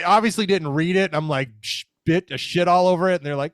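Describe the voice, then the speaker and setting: A man hosting a podcast in casual chat, running briskly through the show's plugs. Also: fairly high pitch, big pitch swings, a bit bright, no room sound. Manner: brisk, reads out show plugs. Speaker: podcast host.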